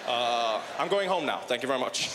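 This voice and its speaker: A man impersonating a measured male world leader who hesitates and backpedals with many "uh"s, on a stand-up stage. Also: mid-range voice, lively intonation, voice pushed down, lightly acted. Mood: backpedaling. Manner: halting, full of "uh"s, backpedaling. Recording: echoey hall, live crowd noise.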